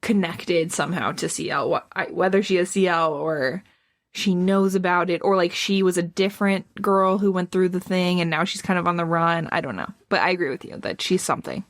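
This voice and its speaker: A podcast co-host talking through a book chapter by chapter, her voice full of vocal fry. She reads passages aloud with relaxed, chatty energy and breaks into laughs along the way. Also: fairly low pitch, brisk. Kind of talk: casual book recap chat.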